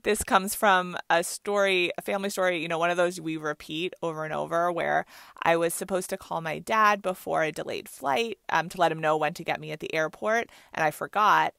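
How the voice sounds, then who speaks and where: A woman in her thirties narrates her podcast in a candid, storytelling way. Her voice sits low and has a gravelly fry. The recording is close and dry. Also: fairly bright tone, no room sound. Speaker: podcast host.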